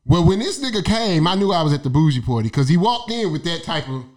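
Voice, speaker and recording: A man's voice: fairly high pitch, sing-song, quick pace, darkish tone. A man in casual chat, jokey, chiming in and telling his own anecdotes.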